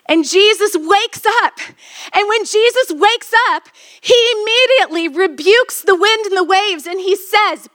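A woman pastor delivering a sermon in a very high, bright voice. She retells a scripture story and keeps turning to the congregation with rhetorical questions. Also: normal speed.

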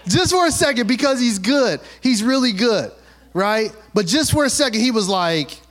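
A man with a very high-pitched voice at normal speed preaches a sermon, reading scripture aloud and following it with humorous remarks. He breaks into lively, colloquial asides, performing the people in the passage.

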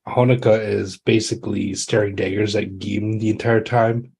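Husky man rambling at a game table. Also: lowish voice, fairly even intonation, normal speed, darkish tone. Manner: rambling, filler-laden descriptions.

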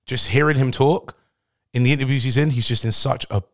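A British man hosting a podcast, chatting casually in a rowdy, high-energy way and laughing often. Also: steady tone, brisk. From United Kingdom. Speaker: podcast host.

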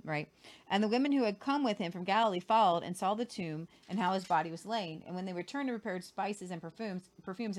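Woman reading scripture with casual asides. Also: on the low side. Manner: earnest, stumbles and repeats words while reading. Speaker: co-host of a Christian show.

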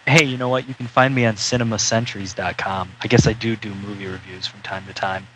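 A man's voice: fairly low pitch, fairly even intonation, fast, fairly bright tone, slight background noise, low-quality recording. A man in casual podcast chat who laughs a lot and banters after a few drinks. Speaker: podcast panelist.

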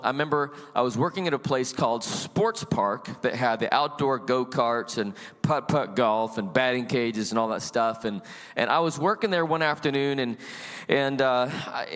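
A middle-aged male pastor preaching a sermon and telling his testimony in an animated storytelling way, acting out voices in the story. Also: mid-range voice, in a large hall. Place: church.

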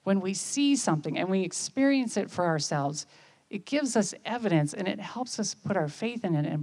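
A woman, giving a conversational sermon and often checking in with listeners with quick questions. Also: mid-range voice, a little mellow. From United States. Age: 50s. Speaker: speaker at church.

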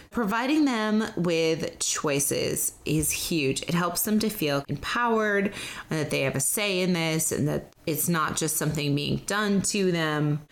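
Chatty upbeat woman podcast host. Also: deep voice. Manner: upbeat, chatty, slows down for emphasis. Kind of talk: casual solo podcast talk.

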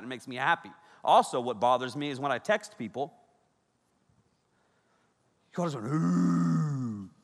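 A male pastor preaching in a playful, joking way, acting out little scenes as he talks. His voice sits a bit high and swings widely. It rings out with a long reverb from a large hall. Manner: joking, animated, acts out dialogue. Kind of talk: humorous preaching.

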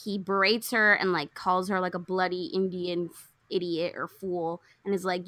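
A young woman casually recapping a film plot, acting out the characters' lines with lively swings. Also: on the low side, moderate pace, no room sound. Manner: animated storyteller, acts out characters' lines. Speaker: podcast co-host recapping a film. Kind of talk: casual chat.

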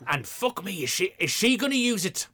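A man chats and jokes in a lively, sweary way, full of mock outrage. His voice sits a little high and swings widely in pitch as he tells the story. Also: moderate pace, slightly rough. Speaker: podcast co-host. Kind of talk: casual comedic chat reviewing an old TV show.

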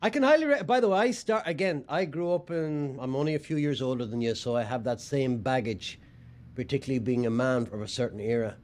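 A man's voice: mid-range voice, fairly quick, a little mellow. A man hosting a casual conversation, telling stories and reflecting thoughtfully. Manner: reflective storyteller, acts out quotes. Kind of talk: casual chat.

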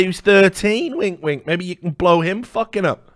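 A man's voice: sits high, lively intonation, normal speed, fairly bright tone, dry recording, studio quality. A man reacting to a video on a live stream, mocking and sarcastic, swearing often.

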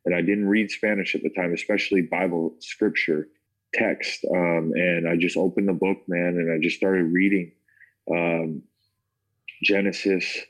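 A man with an American accent and a notably deep, low voice recounts his past in a loose, conversational way. He speaks casually, leaning on fillers and restarts as he tells his testimony to an interviewer. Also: fairly even intonation, measured pace, low-quality recording. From United States. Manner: casual, filler-heavy, says "like" and "man" often. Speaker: interview guest. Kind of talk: personal testimony storytelling.

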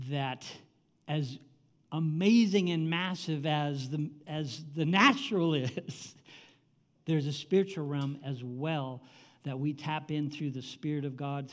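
Pastor, 70s, male, high-pitched, chatty and exclamatory from the pulpit. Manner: exclamatory, conversational preaching with asides. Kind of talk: sermon.

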